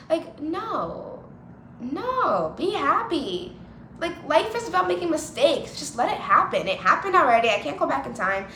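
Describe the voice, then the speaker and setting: A young woman with a fairly high voice tells stories to the camera in a loose, chatty way, dropping "like" into nearly every line. Her voice rings around an echoey room with steady background noise underneath. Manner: chatty, lots of "like", acts out quoted voices. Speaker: vlogger. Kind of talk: casual storytelling to camera.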